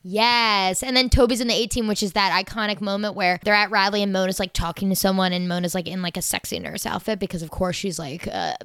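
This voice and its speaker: Woman podcast co-host, rambling and excitable, smooth resonant voice. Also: medium pitch, quick pace, hardly any pauses, dry recording. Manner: rambling, excitable, swears freely. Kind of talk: casual chat recapping a TV show.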